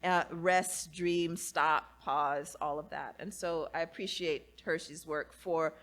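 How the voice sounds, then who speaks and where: A woman's voice: sits low, steady tone, takes it slowly, a bit bright. A woman guest speaking earnestly and reflectively in a conversation, often adding "you know" and "right". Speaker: guest, academic and author. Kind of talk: casual conversation.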